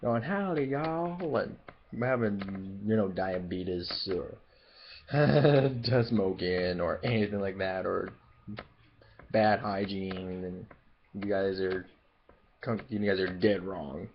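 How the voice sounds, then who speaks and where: Young guy doing a q&a vlog, kinda low voice, stumbles and restarts a lot, muffled lo-fi mic. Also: little pitch movement, takes it slowly, a little hiss or hum. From Memphis, Southern US. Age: young adult. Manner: rambling, hesitant, with frequent fillers and restarts. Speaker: YouTuber. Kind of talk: casual Q&A vlog.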